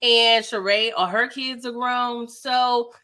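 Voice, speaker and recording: Young woman spilling tea on a reality show, slangy and sassy, crisp bright tone. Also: fairly high pitch, steady tone, takes it slowly. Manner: sassy, slangy, lots of "like" and "girl". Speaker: reality TV recap vlogger. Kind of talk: casual episode recap commentary.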